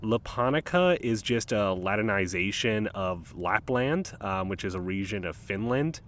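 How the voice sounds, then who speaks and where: A man hosting a casual nature podcast, talking in a laid-back, rambling way with frequent ums and uhs, recorded outdoors beside calm water in a park. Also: on the low side, measured pace, a little hiss or hum. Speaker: podcast host.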